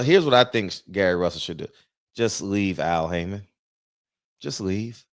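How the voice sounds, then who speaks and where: A male host in a casual interview chat, halting and often restarting his sentences. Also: on the low side, no echo, studio quality.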